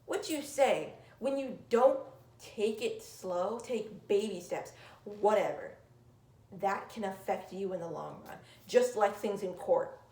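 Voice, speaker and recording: A woman giving an earnest, emphatic motivational talk that swings from loud urging to soft, near-whispered lines. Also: medium pitch, slow pace, reverberant. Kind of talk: motivational monologue.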